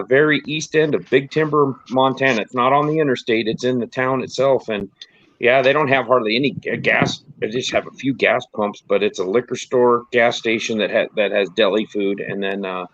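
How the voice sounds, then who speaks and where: Man, from the United States, casual rambling storyteller, laughs often, mid pitch, dull dry lo-fi sound. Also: no room sound. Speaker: podcast host. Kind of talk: casual chat.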